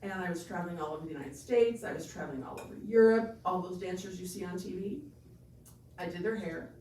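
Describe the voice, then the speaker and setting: A woman doing a stand-up comedy set, telling an animated story and acting out the other people's lines. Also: on the low side, fast talker. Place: comedy venue stage. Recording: echoey room from far off, noisy.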